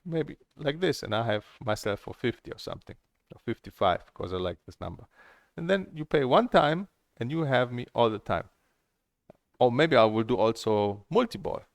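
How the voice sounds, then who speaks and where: A man's voice: mid-range voice, animated, moderate pace, vocal fry, dry recording, clean studio sound. A middle-aged man, a table tennis coach, rambling candidly through stories and plans, swearing freely as he talks. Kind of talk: casual rambling monologue.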